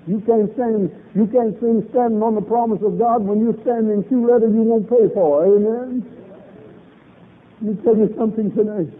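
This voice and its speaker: A man's voice: high voice, fairly even intonation, moderate pace. A man preaching a revival sermon, fervent and emphatic, repeating lines for emphasis. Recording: tinny old lo-fi recording.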